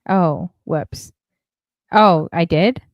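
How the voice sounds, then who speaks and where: A woman's voice: lowish voice, drawn-out words, no echo, lo-fi sound. A woman hosting a casual live-stream interview, chatty and a bit scattered. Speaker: host.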